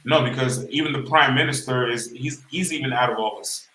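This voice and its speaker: A man's voice: mid-range voice, fairly quick, pushed and bright, echoey room, poor audio. A man joining a casual discussion as a guest, speaking in a matter-of-fact way.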